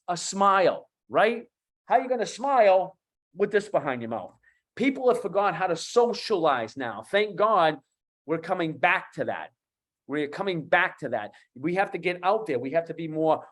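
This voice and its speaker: Emphatic man in his fifties, Boston accent. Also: sits high. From USA. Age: 50s. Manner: animated, emphatic, repeats key phrases. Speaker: guest coach. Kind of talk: online talk show interview.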